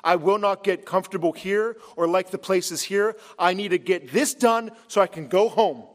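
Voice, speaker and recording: A dutiful male servant, as a preacher puts him on speaks firmly and with set purpose, in a fairly high voice. He sounds steady and determined. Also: moderate pace, big-room sound, close to an everyday voice. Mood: resolute. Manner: firm, determined.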